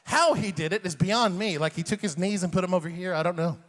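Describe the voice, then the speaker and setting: Brief: male stand-up comic in his forties from Iran, lively and high-pitched, long hall reverb. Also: fast talker. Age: 40s. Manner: animated, chuckles at own jokes. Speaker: comedian. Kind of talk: stand-up comedy.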